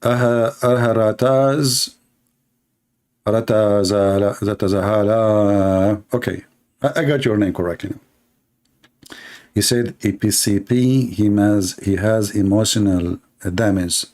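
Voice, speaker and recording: A man's voice: on the low side, unhurried, darkish tone. A man from the Middle East, a native Arabic speaker with an Arabic accent, hosting a live debate in a sarcastic, mocking manner. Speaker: online debate host.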